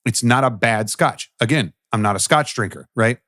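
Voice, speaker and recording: A man in his forties with a weathered, raspy voice from smoking and drinking, co-hosting a casual chat podcast and talking bluntly with plenty of swearing. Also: medium pitch, moderate pace, bright, forceful tone, dry recording, clean studio sound. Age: 40s. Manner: blunt, swearing, repeats words when starting. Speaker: podcast co-host.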